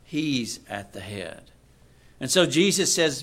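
A man preaching a sermon, moving from quiet asides to loud, emphatic readings of scripture. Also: mid-range voice, big pitch swings, slow, slightly rough.

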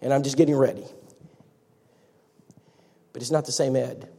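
A man's voice: mid-range voice, steady tone, normal speed, creaky, dark tone, breathy edge. A man preaching a folksy, story-driven sermon. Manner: folksy storytelling, acts out quotes. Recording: reverberant church hall.

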